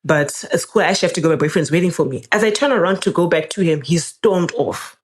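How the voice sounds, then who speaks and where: A young woman, a podcast guest telling a personal story in a casual, animated way, her voice jumping up whenever she quotes someone. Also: fast talker. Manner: animated, jumps up in pitch when quoting people.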